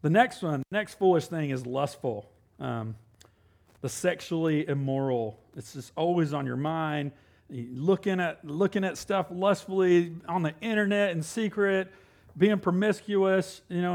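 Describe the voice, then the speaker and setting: A man in his thirties preaching a casual sermon. He peppers his talk with "man" and "right?" and slows down to read scripture. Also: a little high, gravelly, darkish tone. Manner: reads scripture slowly and deliberately. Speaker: pastor.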